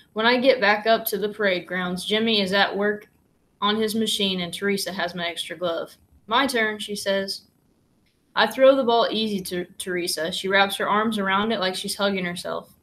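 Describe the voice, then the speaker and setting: A woman reading a children's novel aloud in a steady, plain storybook manner, with only light changes for the characters. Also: mid-range voice, rough recording. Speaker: reader.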